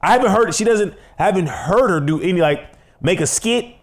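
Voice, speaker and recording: A man's voice: high-pitched, lively intonation, brisk. A man with a Chicago accent co-hosting a casual comedy podcast, joking and laughing through playful banter. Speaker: podcast co-host.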